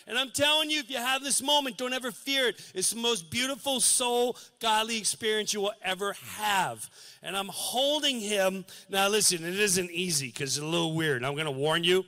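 A male comedian on a live stage, telling a story with earnest, preachy passion and acting out scenes with sudden shouts. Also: high-pitched, brisk. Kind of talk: stand-up comedy.

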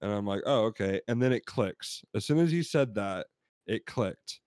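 A man's voice: lowish voice, expressive, normal speed, darkish tone, no echo, studio quality. A man co-hosting a podcast, telling a rambling anecdote in casual chat and acting out what people said. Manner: rambling anecdotes with laughs, acts out quotes. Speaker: podcast co-host.

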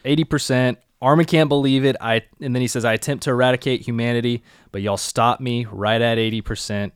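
A man's voice: medium pitch, fairly even intonation, a little fast, clean tone, no room sound, studio quality. A young man co-hosting a podcast, casually recapping an anime episode and thinking aloud. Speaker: podcast co-host.

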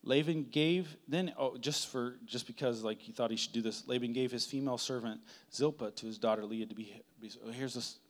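A man preaching a sermon in a dramatic, chatty way, swinging from hushed to loud. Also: medium pitch, fairly quick, hardly any pauses. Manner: conversational, uses "like" often.

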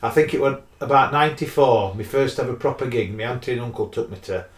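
A middle-aged man recalls his music past in a relaxed chat, often stumbling over and repeating words. His pitch is ordinary. He is recorded from a distance in a roomy space. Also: fast talker. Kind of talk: casual chat about gigs. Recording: roomy, far from mic.

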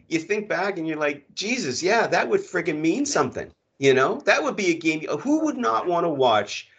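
A man's voice: on the high side, a bit bright. A middle-aged man co-hosting a casual hockey podcast, ranting with lots of swearing and emphatic repetition. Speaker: podcast co-host. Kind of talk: casual sports chat. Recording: muffled lo-fi sound.

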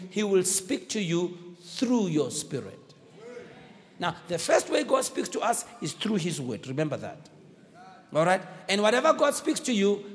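Animated high-voiced preacher. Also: male voice. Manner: exhorting, call-and-response with the congregation. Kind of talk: sermon. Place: church. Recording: echoey church hall.

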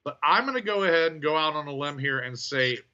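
A man co-hosting a podcast, talking through his thoughts on wrestling in a thoughtful, hesitant way with many pauses. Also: a little high, animated, pushed and bright, clean tone, lo-fi sound. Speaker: podcast co-host. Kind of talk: casual wrestling review chat.

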